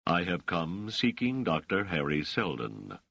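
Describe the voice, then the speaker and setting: Man voicing a stolid sergeant, slow, formal, rumbling bass, audiobook reading. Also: sing-song, creaky, fairly bright tone, full character voice. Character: tall, stolid male sergeant, rolling bass.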